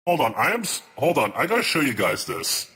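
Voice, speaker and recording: A man's voice: on the high side, sing-song, brisk, pushed and bright. A man chatting casually on a live stream, ranting in exasperation and swearing as he reads his chat aloud.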